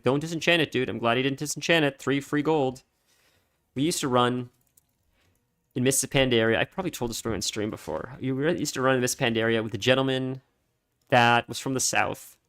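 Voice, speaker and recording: Male streamer, easygoing chatty commentary, average pitch, prone to laughing. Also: fairly bright tone. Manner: rambling storytelling, laughs often. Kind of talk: casual gameplay commentary.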